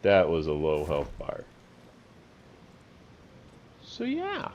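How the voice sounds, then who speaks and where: A man's voice: a bass voice, wildly swooping pitch, extremely slow, darkish tone, dull audio, a little hiss or hum. A man giving chatty let's-play commentary, talking the viewer through a game and teasing the enemies aloud. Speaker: gameplay commentator.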